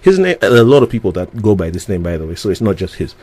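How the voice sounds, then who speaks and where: A man's voice: sits low, big pitch swings, fast talker, darkish tone, breathy edge. A man hosting a casual interview, talking loosely with lots of stammered restarts and frequent laughter. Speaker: radio show host.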